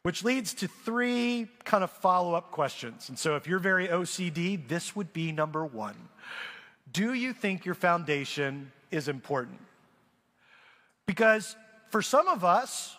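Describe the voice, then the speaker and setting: A man's voice: sits high, normal speed, fairly bright tone. A middle-aged man preaching a storytelling sermon as guest pastor, animatedly acting out the people in his stories. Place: church auditorium. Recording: long church hall reverb.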